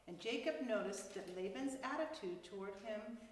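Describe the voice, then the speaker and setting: A woman in a Bible study group quietly reading a scripture passage aloud. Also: mid-range voice, lively intonation, normal speed. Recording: distant voice in an echoey hall, faint noise.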